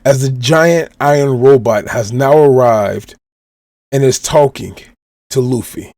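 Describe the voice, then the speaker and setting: A man's voice: medium pitch, slow, a little mellow, no echo. A man from Chicago hosting a podcast, casually retelling a comic chapter step by step and quoting the characters' lines. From Chicago, USA. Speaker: podcast host.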